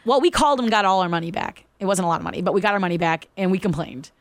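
Woman telling a story on a podcast, lively, acts out the voices, dry close sound. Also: on the low side, racing, dry recording. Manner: animated, acts out quoted voices. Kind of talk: casual storytelling chat.

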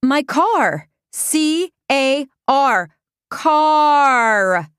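A woman voicing a prim, pampered young woman detective who breaks into shrill, indignant outbursts. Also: animated, normal speed, a bit bright, no echo, studio quality.

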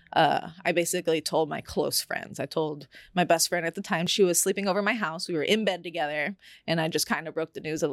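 Young woman, low pitch, podcast co-host; candid, confessional storytelling, loose and full of fillers. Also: no echo, clean studio sound. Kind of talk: personal storytelling in casual chat.

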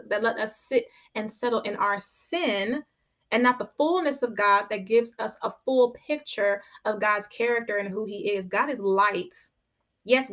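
Picture a woman with a voice pitched a little high, teaching from the Bible on her podcast in an easy, conversational way. She presses each point firmly, comes back to the same phrases, and often checks in with "right?". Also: a bit bright. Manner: emphatic, keeps checking in with "right?"; drives points home by repeating phrases.

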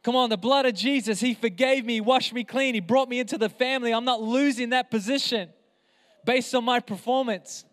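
A man's voice: very high voice, fairly quick, a bit bright. A man preaching an impassioned sermon as pastor, with emphatic repeated phrases. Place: church hall. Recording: reverberant hall.

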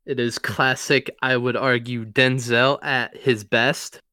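A man talks through his picks in a loose, conversational way, his voice smooth and clear. The sound is close and dry, with no room behind him. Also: medium pitch, fairly even intonation, slow, pushed and bright, dry recording. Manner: loose and conversational, ranking favorites with easygoing asides. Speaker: podcast co-host. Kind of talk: casual sports podcast chat.

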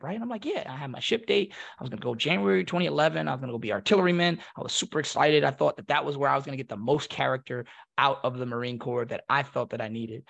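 A young man tells a story in a relaxed, casual way and acts out the voices of the people in it. His voice is gravelly and a little husky, sitting slightly high for a man. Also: very fast. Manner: animated, acts out quoted voices. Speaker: podcast guest.

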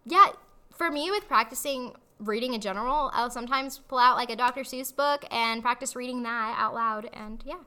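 A woman with a high, bright voice co-hosts a casual chat. She talks hesitantly and fills her sentences with "like" and "um". Her tone stays light as she shares her tips. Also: normal speed, clean tone. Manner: hesitant, many fillers. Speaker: podcast co-host.

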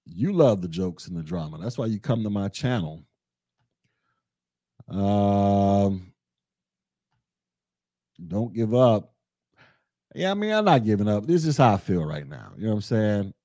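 A young man hosting a podcast, talking through his views in a relaxed, conversational way and reading chat comments aloud. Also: fairly low pitch, slow, pauses often, no room sound, clean studio sound. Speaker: podcast host. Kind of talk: casual commentary monologue.

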